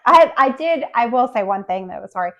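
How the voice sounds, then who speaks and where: A woman co-hosting a podcast, asking questions and reflecting calmly on a book in casual chat. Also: on the high side, brisk. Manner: leads questions, steady and agreeable. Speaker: podcast co-host.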